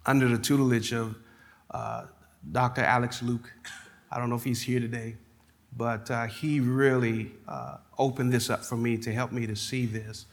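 A man preaching a sermon, reading scripture and rising into emphatic, drawn-out declarations. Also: medium pitch, fairly bright tone. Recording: long hall reverb.

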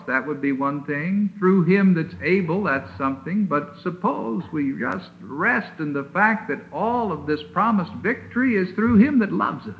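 A man preaching a sermon in an emphatic, deliberate way, leaning hard on single words, heard on a lo-fi old recording from a chapel. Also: high voice. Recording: tinny lo-fi old sermon recording with faint hiss.

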